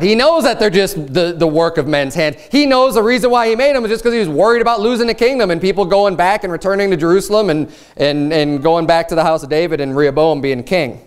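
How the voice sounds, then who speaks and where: A man preaching a sermon, reading scripture and then explaining it in a relaxed, conversational way. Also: on the high side, clean tone. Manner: conversational Bible teaching, reads scripture then explains with paraphrased dialogue.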